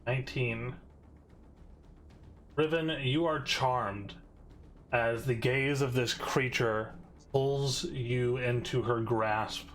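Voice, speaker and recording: A man running a tabletop game as game master, briskly narrating and calling rolls and rules. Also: medium pitch, steady tone, a bit bright, soft background music. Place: home setup, online live stream.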